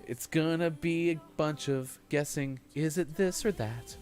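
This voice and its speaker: A man's voice: on the high side, measured pace, a little mellow, soft background music. A man co-hosting a morning gaming stream, reading out player scores in an upbeat announcer way. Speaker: morning show co-host. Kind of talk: live-stream game commentary.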